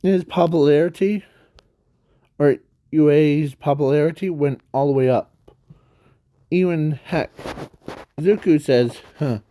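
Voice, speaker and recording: A man's voice: on the high side, a little slow, pauses often, mellow. A man telling an unscripted fan story in a rambling, hesitant way, full of fillers and self-corrections.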